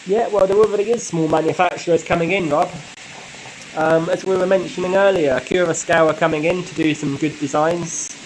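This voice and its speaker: Chatty man with a slightly high voice. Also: a little fast, a little hiss or hum, poor audio. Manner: relaxed and chatty, with frequent light laughs. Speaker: model railway channel host. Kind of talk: casual live stream chat answering viewer comments.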